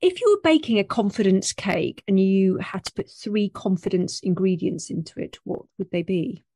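A woman's voice: medium pitch, animated, normal speed, mellow, dry recording. A woman hosting an interview podcast, encouraging and upbeat as she asks her guest questions. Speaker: podcast host. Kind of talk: interviewing, conversational.

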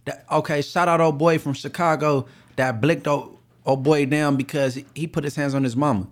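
A man's voice: on the high side, steady tone, normal speed. A man co-hosting a podcast, chatting casually and jokingly with lots of filler phrases. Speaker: podcast co-host. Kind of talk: casual chat.

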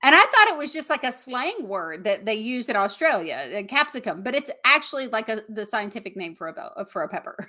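A woman's voice: fairly high pitch, sing-song, fairly quick, few pauses, pushed and bright. A woman comedian with a Southern American accent, co-hosting a podcast in casual chat and often tagging her sentences with "right". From Southern United States. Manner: chatty, says "right" often.

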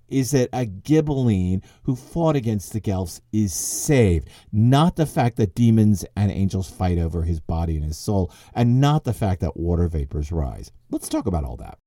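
Animated man lecturing, dark warm voice. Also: on the low side, no room sound, clean studio sound. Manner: animated, wry, conversational, quick asides. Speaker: podcast host and literature teacher. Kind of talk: lively spoken lecture.

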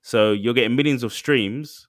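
A man co-hosting a podcast, talking in a casual, excitable way and acting out quotes. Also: mid-range voice, moderate pace, no echo, studio quality. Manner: animated, excitable, acts out quotes. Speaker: podcast co-host. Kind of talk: casual chat.

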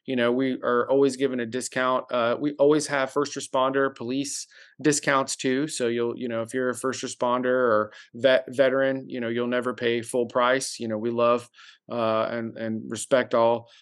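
A man as a guest on a talk show, answering eagerly and haltingly with many ums. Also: medium pitch, level tone, no echo. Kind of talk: casual interview answers.

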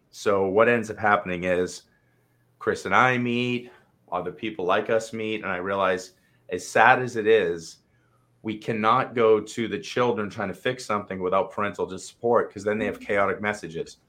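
Earnest low-voiced man telling his story. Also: fairly bright tone. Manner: earnest, storytelling, acts out his own inner voice, casual swearing. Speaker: coach and co-host. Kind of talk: candid live-stream conversation.

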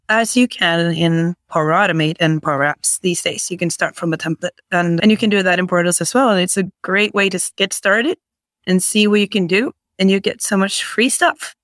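A woman's voice: on the low side, no room sound. A woman from Norway, a podcast guest chatting and explaining things with enthusiasm. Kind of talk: interview chat.

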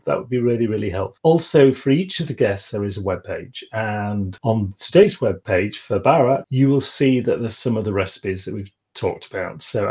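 A man hosting a gentle conversational podcast, talking in a hesitant, easygoing way with plenty of fillers and the odd chuckling aside. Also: mid-range voice, husky. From Britain. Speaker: podcast host.

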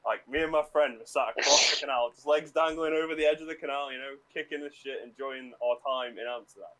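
Guy, mid-pitched, sheepish laughing raconteur. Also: quick pace, fairly bright tone, rough recording. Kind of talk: casual chat.

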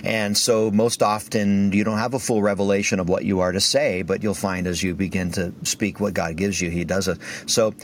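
A man sharing a faith story as a podcast guest, animated and acting out the voices of the people in it. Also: low-pitched, normal speed, hardly any pauses, a little hiss or hum. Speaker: guest speaker.

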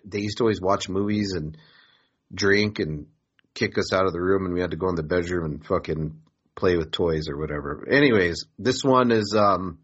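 A man's voice: low-pitched, a bit bright, slightly rough, dull audio. A man hosting a podcast in a casual, profane, joking way, rambling between topics. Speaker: podcast host.

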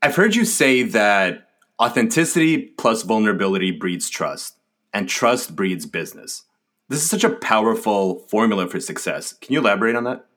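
A man hosting a podcast interview, asking questions in a measured way. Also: fairly low pitch, sing-song, a bit bright. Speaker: podcast host.

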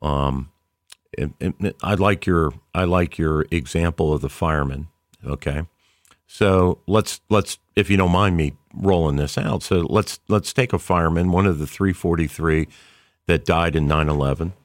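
A man talking casually as a podcast co-host, laying things out step by step with halting repeats. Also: deep voice, no room sound, studio quality. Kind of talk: casual conversational talk.

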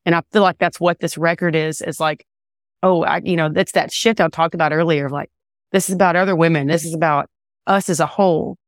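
A woman singer-songwriter talking casually in an interview, relaxed and rambling with many fillers and restarts. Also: low voice, brisk, no echo, clean studio sound. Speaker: country singer-songwriter guest.

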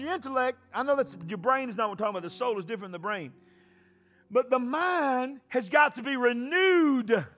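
A man preaching a sermon, often shouting and calling for responses from the congregation. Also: very high voice. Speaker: pastor.

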